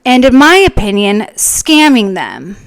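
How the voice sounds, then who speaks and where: A woman's voice: medium pitch, sing-song, measured pace, vocal fry, dry recording. A woman hosting an opinionated commentary video, speaking in a blunt, scornful, outspoken way. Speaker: commentary channel host.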